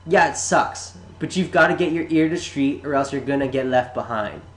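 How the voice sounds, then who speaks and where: A man narrating a sales pitch in a chatty, sarcastic way, talking straight to the listener. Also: fairly quick. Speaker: marketing presenter. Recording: roomy echo.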